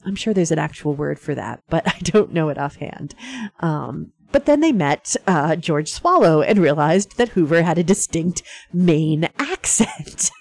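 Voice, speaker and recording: A woman's voice: low voice, creaky, a little mellow, no room sound. A woman hosting a radio show, talking casually with many fillers and small laughs. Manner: chatty, frequent fillers and laughs.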